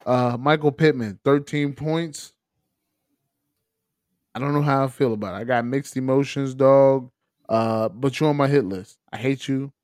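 A man's voice: mid-range voice, unhurried, darkish tone, dry recording, studio quality. A man co-hosting a casual sports podcast, joking and trash-talking with heavy swearing. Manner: boastful, joking trash talk. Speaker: podcast co-host.

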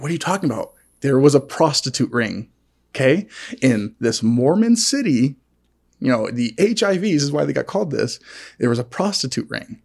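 A man co-hosting a casual podcast, telling stories in an animated way with lots of laughter. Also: creaky, slightly rough. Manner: animated, laughing, jumps to high-pitched acted quotes. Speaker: podcast co-host. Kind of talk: casual storytelling chat.

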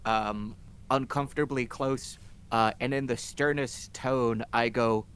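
A man's voice: mid-range voice, fairly even intonation, takes it slowly, a bit bright, smooth. A man playing in a tabletop game, describing his moves in an amused tone. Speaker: player.

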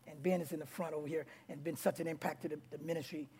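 A man preaching his testimony to a congregation in a church, with a rough, abrupt delivery that bursts into loud, excited passages. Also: fairly high pitch, fast. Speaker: guest preacher. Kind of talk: testimony sermon. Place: church sanctuary before a congregation.

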